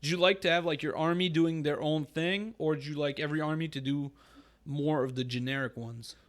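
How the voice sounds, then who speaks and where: Animated, joking man on a podcast. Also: fairly high pitch, brisk. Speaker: podcast co-host. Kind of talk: casual chat.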